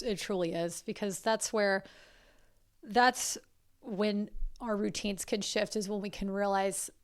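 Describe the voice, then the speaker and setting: A woman hosting a podcast, talking in a casual, heartfelt and emotional way, with the odd curse word. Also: mid-range voice. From South Carolina. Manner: earnest and emotional, swears casually. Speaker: podcast host.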